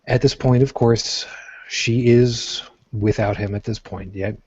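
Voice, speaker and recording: A man's voice: medium pitch, steady tone, unhurried, darkish tone, husky, muffled recording. A man from Brooklyn with a New York accent, hosting a casual podcast chat and rambling with many fillers and restarts. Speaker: podcast host.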